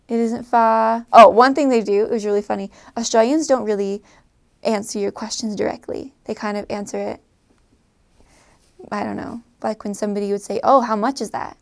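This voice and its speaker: A woman's voice: medium pitch, creaky. A young woman from the United States casually telling stories to camera in an amused, chatty way. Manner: chatty, amused, often laughing. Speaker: vlogger recalling life abroad.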